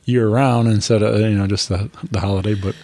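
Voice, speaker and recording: A man in casual chat who speaks haltingly with many pauses and fillers. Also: lowish voice, fairly even intonation, warm tone, no echo.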